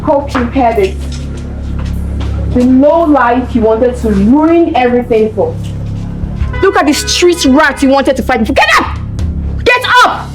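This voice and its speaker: Scornful haughty princess. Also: female voice, high voice, a little slow, pauses often, reverberant, soft background music. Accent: Nigerian. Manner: scornful, shouting insults. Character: haughty young princess, scornful twin sister. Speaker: lead actress. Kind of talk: film drama acting.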